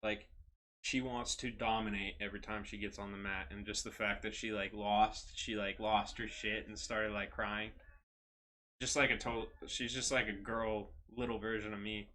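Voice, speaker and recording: A man's voice: lowish voice, level tone, normal speed, bright, forceful tone. A young man co-hosting a podcast, telling stories in casual chat, swearing freely and laughing often. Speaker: podcast co-host.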